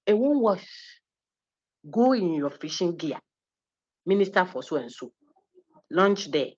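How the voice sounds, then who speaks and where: A woman giving a university lecture, animated and teasing, acting out little quotes as she goes. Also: low voice, unhurried. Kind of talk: lively classroom lecture. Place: lecture hall. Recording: husky, dull lo-fi lecture recording.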